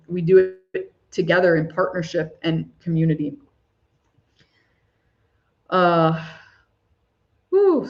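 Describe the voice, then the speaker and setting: Soft-spoken woman hosting a spiritual livestream. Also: on the low side, muffled recording. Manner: soft-spoken, gushing, laughs often. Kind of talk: live spiritual talk to chat viewers.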